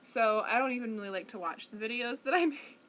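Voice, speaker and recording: A woman's voice: fairly high pitch, quick pace, a bit bright. A young woman talking to camera at home in a rambling, self-conscious way, full of restarts and fillers. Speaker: vlogger. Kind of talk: casual monologue to camera.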